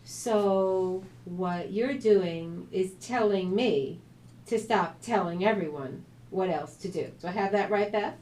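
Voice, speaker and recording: Woman doing an earnest, calm teen girl. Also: mid-range voice, takes it slowly, roomy sound, slight background noise, lightly acted, low-quality recording. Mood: wry. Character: teenage girl Marcy, calm, earnest older sister.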